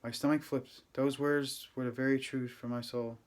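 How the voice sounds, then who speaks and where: A man reading a first-person novel aloud, with steady, gentle, unhurried storytelling. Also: medium pitch. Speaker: audiobook reader.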